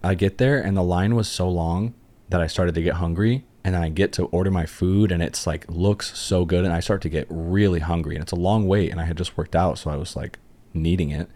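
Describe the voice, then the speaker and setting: A young man co-hosting a podcast, telling jokey, excitable stories in casual chat. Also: low voice, brisk. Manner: animated storyteller, jokey and excitable. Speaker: podcast co-host.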